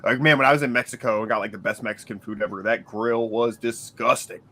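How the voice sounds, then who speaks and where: A man's voice: medium pitch, fairly even intonation, fast talker, bright, forceful tone. A man co-hosting a casual podcast chat, rambling and laughing often, with many fillers like "like". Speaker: podcast co-host.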